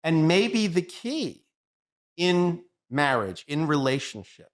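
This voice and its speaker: A man's voice: a little high, big pitch swings. Earnest reflective man in conversation. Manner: earnest, searching, slows to stress points.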